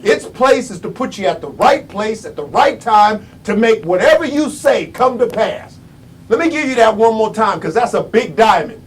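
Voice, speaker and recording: A man giving a high-energy motivational speech in a preaching cadence, repeating phrases and breaking into shouts. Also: animated, normal speed, far from the mic, a little hiss or hum. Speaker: motivational speaker.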